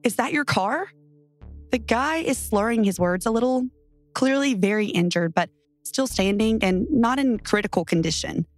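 A woman's voice: fairly high pitch, normal speed, no room sound, soft background music. A woman narrating a true first-person story in an earnest, tense way.

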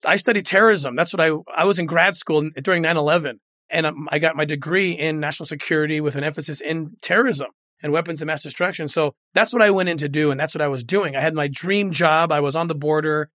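Middle-aged man, ex-agent interview guest, earnest and emotional, slightly high voice, dry close mic. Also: quick pace, fairly bright tone, no room sound. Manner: earnest, emotional, retells quoted dialogue. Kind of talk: candid interview storytelling.

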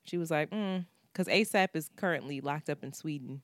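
A woman's voice: low-pitched, normal speed, dry recording, clean studio sound. A woman co-hosting a podcast, telling a story in candid, profane casual chat. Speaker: podcast co-host.

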